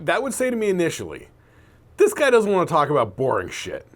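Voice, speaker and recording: A man's voice: fairly high pitch, huge pitch swings. A man co-hosting a podcast in casual chat, easygoing and chatty. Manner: easygoing, chatty, quick riffing. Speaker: podcast co-host.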